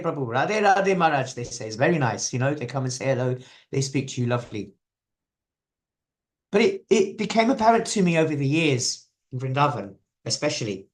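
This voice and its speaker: A man with an English accent giving a chatty devotional talk, sharing stories and asking the audience questions. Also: medium pitch. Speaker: preacher.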